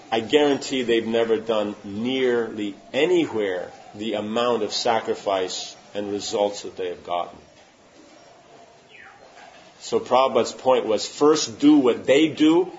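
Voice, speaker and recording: A man's voice: medium pitch, measured pace, darkish tone, slight background noise. Guy giving a spiritual talk, pushy and emphatic, keeps checking you follow, sounds a bit muffled. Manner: emphatic, keeps asking "you know what I'm saying?". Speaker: spiritual teacher. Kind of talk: informal religious discourse answering questions. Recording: muffled lo-fi recording.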